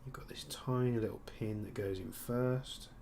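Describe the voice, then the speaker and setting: A man's voice: mid-range voice, steady tone, normal speed, gravelly, darkish tone, a little hiss or hum. A man with a Birmingham accent, chatting casually on a live stream while he builds and answers viewer questions. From Birmingham, England. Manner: casual, chatty, explains as he works. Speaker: airsoft tech streamer.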